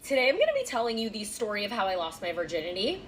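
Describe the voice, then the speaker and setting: A woman's voice: medium pitch, huge pitch swings, racing, a little hiss or hum. A woman telling a candid personal story in a chatty, filler-heavy way. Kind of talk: casual storytime monologue.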